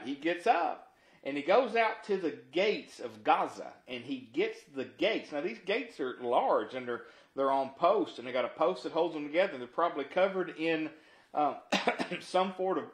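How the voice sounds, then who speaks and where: Man teaching scripture in an echoey room. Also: medium pitch. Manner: retells scripture casually with asides and restarts. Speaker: preacher. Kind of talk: conversational Bible teaching.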